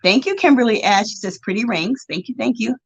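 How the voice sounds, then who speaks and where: On a casual craft livestream, a woman works on her yarn while reading viewer comments aloud and greeting people by name. Her voice is a little high and fairly quick, with a breathy edge and the highs cut off, and her chatty, animated manner is full of gushing exclamations.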